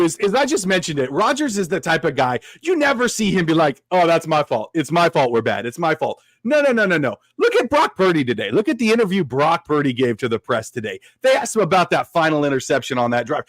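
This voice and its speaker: Lively male fan-host, high voice that leaps around, dry close sound. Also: dry recording. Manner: excitable, gleeful. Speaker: podcast co-host. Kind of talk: casual sports talk.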